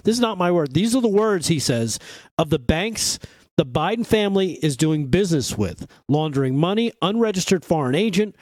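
Higher-voiced male co-host, dry sound. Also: animated, normal speed, a little mellow, no room sound. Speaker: news co-host. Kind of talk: casual chat.

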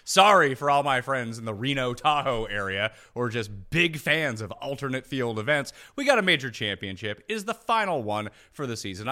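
A man's voice: mid-range voice, bright, forceful tone. A man hosting a sports betting podcast in a hyped, promo-style way. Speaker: podcast host.

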